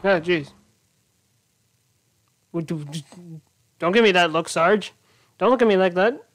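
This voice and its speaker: A man giving let's-play commentary on a video game, with an animated, self-mocking and joking manner. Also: high-pitched, a little slow. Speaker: gaming commentator. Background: faint game music.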